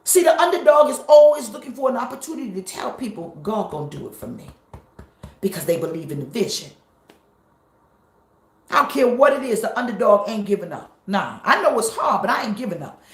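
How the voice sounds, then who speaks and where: A woman pastor preaching a live-streamed sermon, emphatic and repetitive, sometimes breaking into shouts. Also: on the high side, very animated, fairly quick, roomy sound.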